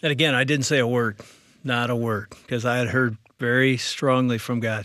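A man, a pastor, earnestly recounting a personal testimony about his marriage in a relaxed interview. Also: medium pitch, moderate pace, no echo, studio quality. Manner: earnest, reflective storytelling. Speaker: pastor and guest speaker.

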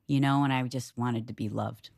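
Low-voiced woman telling a lively story. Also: normal speed, gravelly. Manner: animated storyteller, acts out voices. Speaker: co-host. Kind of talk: storytelling in casual chat.

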